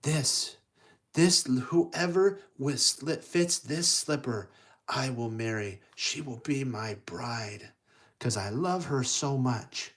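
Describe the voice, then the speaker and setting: A man's voice: mid-range voice, slow pace, fairly bright tone. A man voicing an earnest young prince.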